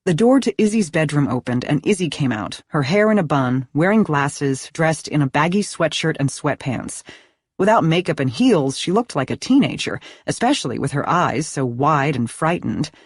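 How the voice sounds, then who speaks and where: A woman narrating a thriller audiobook in an expressive, dramatic reading style. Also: sits low, slightly rough, no echo, clean studio sound. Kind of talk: scripted narration.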